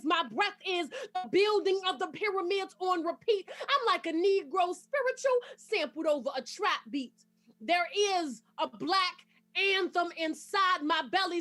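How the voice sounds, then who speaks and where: A woman's voice: very high-pitched, bright, forceful tone. A woman performing a spoken word poem with a rhythmic, emphatic delivery.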